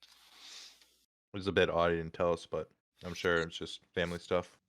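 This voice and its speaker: A man playing in a tabletop game, chatting casually with quick, offhand remarks. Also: low-pitched, level tone, a bit bright. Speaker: player. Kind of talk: casual chat.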